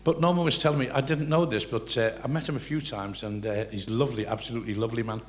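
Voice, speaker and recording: An older man with a Liverpool accent telling rambling, salty anecdotes live on stage, building excitement toward each punchline. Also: medium pitch, fast. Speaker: comedian telling stories. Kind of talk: live stand-up storytelling. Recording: echoey live venue, faint noise.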